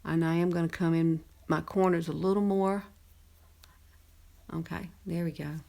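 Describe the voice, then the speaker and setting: Southern woman in her fifties, slightly low and chatty, easy makeup-tutorial talk with frequent laughs. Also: fairly even intonation, moderate pace, gravelly, mellow. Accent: Southern American. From Southern United States. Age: 50s. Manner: chatty, laughs often, talks while applying makeup. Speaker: makeup presenter.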